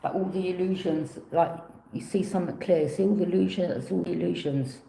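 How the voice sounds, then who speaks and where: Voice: mid-range voice, brisk, gravelly, dark tone, slight background noise. Rambling tarot reader in an echoey room. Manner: rambling, repeats phrases, offers loose alternatives. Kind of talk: casual tarot reading.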